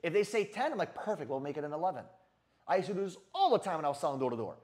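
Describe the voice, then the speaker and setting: Fast, animated man coaching sales. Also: fairly high pitch. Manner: brash, swears, keeps asking "right?". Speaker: sales trainer. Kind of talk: energetic sales coaching talk.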